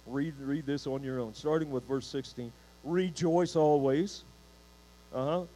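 A man's voice: mid-range voice, moderate pace, darkish tone, a little hiss or hum, rough recording. A man preaching a sermon in church, restarting words and putting questions to the congregation. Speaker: pastor.

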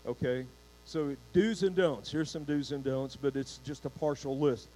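A man's voice: mid-range voice, steady tone, moderate pace, dark tone, a little hiss or hum, rough recording. A man preaching a sermon in church, restarting words and putting questions to the congregation. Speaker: pastor.

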